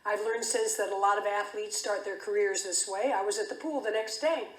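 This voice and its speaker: A woman's voice: mid-range voice, fairly even intonation, fairly quick. A woman giving a keynote speech, telling a story in a vivid, dramatic way. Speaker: keynote speaker. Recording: echoey hall.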